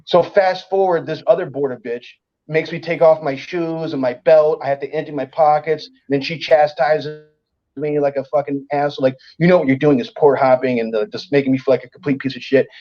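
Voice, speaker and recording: Heard on a muffled recording, a man of medium pitch, a comedian guest, spins a story in loose, profane talk. He's animated and imitates the voices of everyone involved.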